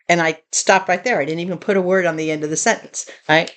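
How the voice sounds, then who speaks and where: A woman vlogger telling a story casually to her viewers, in an animated, indignant way. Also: on the low side, fast talker, hardly any pauses. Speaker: tiny home vlogger.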